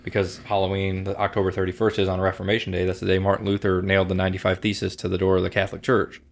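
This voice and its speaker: Male co-host, very low and gravelly, relaxed casual talk. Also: rapid-fire. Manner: relaxed, short agreeing replies. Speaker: podcast co-host. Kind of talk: casual chat.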